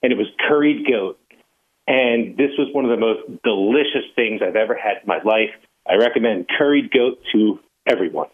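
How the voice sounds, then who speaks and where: A man's voice: fairly low pitch, normal speed. A male caller on a radio show, telling an easygoing story about a restaurant meal. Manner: easygoing, anecdotal. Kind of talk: call-in storytelling. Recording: phone line.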